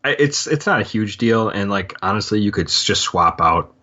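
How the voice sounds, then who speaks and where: Male co-host, very deep voice, rambling chatty delivery, dull lo-fi sound. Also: lively intonation, moderate pace, bright, forceful tone. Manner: rambling, many fillers and restarts. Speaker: podcast co-host. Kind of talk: casual book-club discussion.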